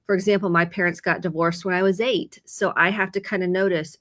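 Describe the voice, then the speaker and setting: A woman's voice: lowish voice, fairly even intonation, a little fast, few pauses, fairly bright tone, no echo. A woman therapist with a Midwestern American accent, explaining mental health in an earnest, casual chat full of examples.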